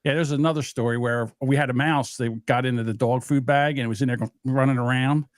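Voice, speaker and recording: A man co-hosting a casual livestream podcast, telling animated stories and jumping high for quoted voices. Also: fast talker, no echo, studio quality. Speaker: podcast co-host.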